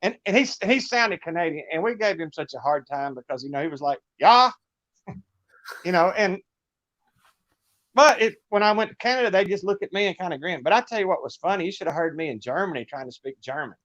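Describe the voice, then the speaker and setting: Guesting on a casual livestream, a middle-aged musician with a Southern accent tells meandering, laugh-filled stories in a folksy style. He talks fast in a high, expressive, slightly bright voice, on a dry, muffled recording.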